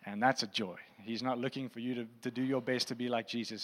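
Male preacher, mid-pitched, earnest and heartfelt, sermon in a hall with a long echo. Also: steady tone, brisk, a bit bright. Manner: earnest, heartfelt, with frequent fillers and restarts.

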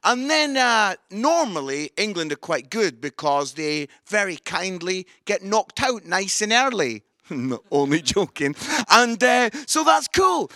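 Scottish guy mid-age, bouncy high voice, jokey sermon, bright and dry sounding. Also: dry recording. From Scotland. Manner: animated, breaks into loud exclaiming. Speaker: comedian and preacher. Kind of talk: comic sermon with storytelling. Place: at home.

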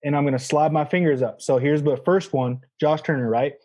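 A man who is a guest on a casual podcast, explaining his technique in a measured way. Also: a little high, mellow, lo-fi sound. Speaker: guest, goose calling champion.

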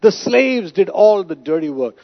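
A man's voice: high voice, big pitch swings, moderate pace, highs cut off. A man preaching a sermon with emphasis, asking the congregation rhetorical questions. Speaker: pastor.

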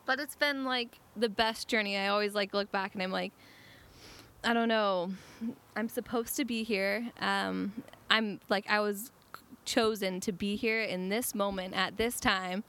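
A woman's voice: mid-range voice, steady tone, unhurried, fairly bright tone, smooth. Chatty young woman who laughs a lot. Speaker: guest, cafe team member. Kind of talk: casual conversation.

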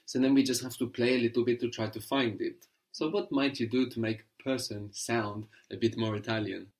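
A man guides a student through a spoken language lesson at a mid pitch. He is patient and encouraging, explaining each step, then asking the student to try. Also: normal speed. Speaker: language teacher.

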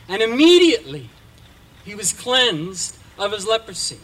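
A man preaching a sermon, retelling a story with dramatic shifts in pace and loudness. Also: high voice, very animated, measured pace. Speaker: pastor.

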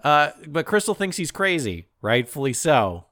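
An excitable man recaps a movie for laughs, crude and quick to crack up. His voice sits a little high, rings bright and jumps around a lot in pitch. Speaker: podcast co-host. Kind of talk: comedic movie-recap chat.

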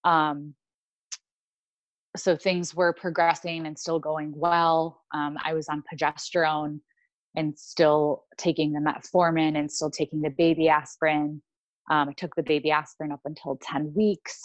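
Woman, young adult, low voice, rambling, casual storytelling. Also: flat delivery, unhurried, dry recording, lo-fi sound. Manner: rambling, lots of fillers and restarts. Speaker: podcast guest. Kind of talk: personal story in casual chat.

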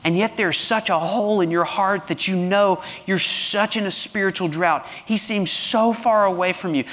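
A man preaching a sermon as pastor, with a dry, sarcastic humor, swinging between hushed moments and loud, passionate delivery. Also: high-pitched. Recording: long reverb of a large hall.

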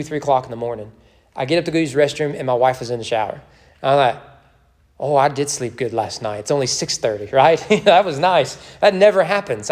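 A man's voice: a little high, a little mellow. A man leading a church Bible study, teaching in a conversational way with joking asides.

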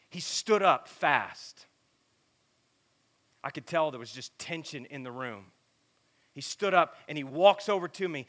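A man preaching, telling a story with animated voices. His voice is bright and forceful, pitched a little high, and drops to a hush before rising loud. It sounds like a sermon from the pulpit.

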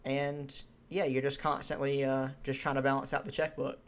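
A man's voice: mid-range voice, level tone, moderate pace, clean tone. Male podcast co-host, mid voice, laid-back and hesitant, casual chat.

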